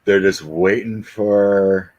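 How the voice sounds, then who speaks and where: A man hosting a casual chat, rambling and animated, with mocking asides. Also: on the low side, slow, highs cut off, slight background noise. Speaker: host. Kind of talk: casual chat with tarot reading.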